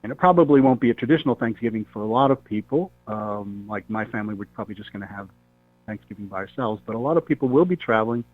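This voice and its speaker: A man's voice: lowish voice, expressive, no echo. Talk-show host man, phone-tinny. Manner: conversational, rambling, halting with fillers. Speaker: radio host. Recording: tinny phone-line sound.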